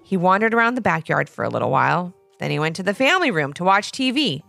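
Woman reading a kids story, bouncy lively voice, bit high, faint music behind. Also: fast, creaky, no room sound. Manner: animated, expressive storytelling. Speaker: storyteller host. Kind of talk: children's story narration.

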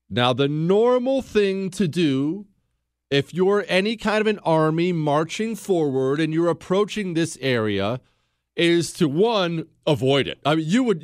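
A man's voice: on the high side, dry recording, clean studio sound. A man hosting a history podcast, telling the story in a casual, conversational way and talking straight to the listener with asides. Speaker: podcast host.

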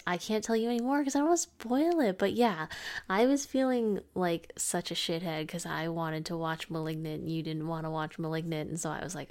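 A woman's voice: lowish voice, moderate pace, a little mellow. A woman co-hosting a podcast, chatting casually about a horror movie, playful and teasing. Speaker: podcast co-host. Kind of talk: casual movie review chat.

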